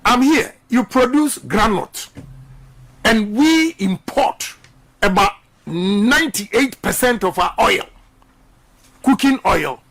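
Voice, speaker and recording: A man's voice: high voice, expressive, slow pace, vocal fry, pauses often, a bit bright. A middle-aged man with a Ghanaian accent giving an impassioned radio interview as a politician, emphatic and repeating slogans. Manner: emphatic, repeats slogans, mixes English and Twi. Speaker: politician guest.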